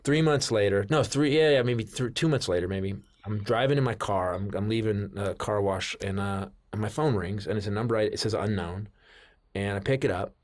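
A comedian telling a rambling story in a casual podcast chat, restarting lines and quoting others with "I go". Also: male voice, on the low side, fairly quick. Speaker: comedian guest.

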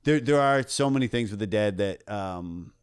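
A man's voice: fairly low pitch, expressive, normal speed, clean tone, no echo, studio quality. A man, a comedian guest on a podcast, talking in a rambling, earnest way with many restarts. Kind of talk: casual podcast chat.

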